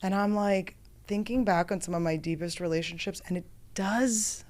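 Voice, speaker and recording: A woman's voice: medium pitch, darkish tone. Chatty woman rambling through comic stories. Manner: rambling, self-mocking, fast storytelling. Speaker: podcast host. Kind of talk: casual comedic chat. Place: studio.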